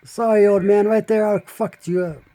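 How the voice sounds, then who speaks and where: High-voiced dude trash talking over clips, swears a lot, kinda dark mellow tone. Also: male voice, steady tone, moderate pace, low-quality recording. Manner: brash, profane trash talk. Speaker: reaction video host. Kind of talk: casual reaction commentary.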